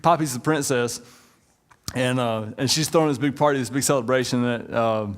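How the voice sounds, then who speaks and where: A pastor in his thirties with a drawl delivers a relaxed, chatty sermon. He jokes with the congregation and talks to them like old friends, at an ordinary middle pitch for a man. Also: normal speed. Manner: conversational, joking, uses y'all.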